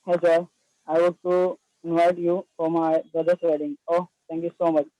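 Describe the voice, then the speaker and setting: A male student reciting a short prepared dialogue in class, with hesitant pauses. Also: fairly high pitch, level tone, warm tone, no room sound. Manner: hesitant, halting. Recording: dull dry call audio.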